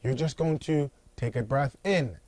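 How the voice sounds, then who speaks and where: A middle-aged man teaches a calming breathing technique in an easygoing, instructive manner. He counts breaths aloud and briefly acts out anxious people. His voice sits at an ordinary pitch, and the room sound is dry with almost no echo. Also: a little slow. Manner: coaching, demonstrates breathing and acts out worried clients. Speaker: anxiety and body coach. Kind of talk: instructional video talk. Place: seated on a floor indoors.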